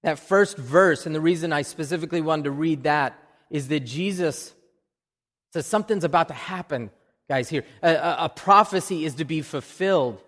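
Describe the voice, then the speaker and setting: Conversational Oklahoma-accented pastor preaching. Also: male voice, a little high, normal speed, fairly bright tone, big-room sound. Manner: conversational, repeats words when restarting. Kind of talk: sermon. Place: church.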